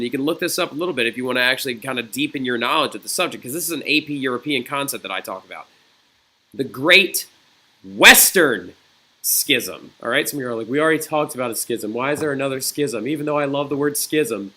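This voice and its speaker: A male history teacher giving a recorded lesson with a very bright voice that sits somewhat high. He talks in a loose, chatty way and wanders off on asides. He keeps checking in with his students. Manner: chatty, digressive, checks in with "right?". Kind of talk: recorded classroom lecture.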